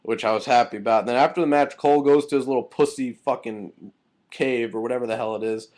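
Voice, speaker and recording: A man's voice: medium pitch, fairly even intonation, fast talker, darkish tone. A young man with an ordinary mid-range voice recaps a show in a casual, rambling way. He is heated and profane, with anger in his delivery. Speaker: wrestling show reviewer.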